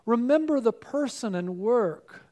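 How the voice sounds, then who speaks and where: A man's voice: very high voice, expressive, a little slow, dark tone. A man preaching a sermon, earnest and personal, often putting questions to his listeners.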